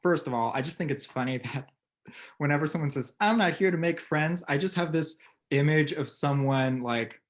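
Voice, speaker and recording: A man's voice: a little high, moderate pace. Playful male interviewer asking questions. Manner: curious, playful, asks long questions. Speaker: interviewer, host. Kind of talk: casual interview talk.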